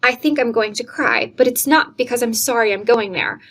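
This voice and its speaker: A woman's voice: a little fast, a bit bright. A woman reading aloud and voicing an eager young girl who pleads passionately. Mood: earnest. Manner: high, earnest, emotional pleading.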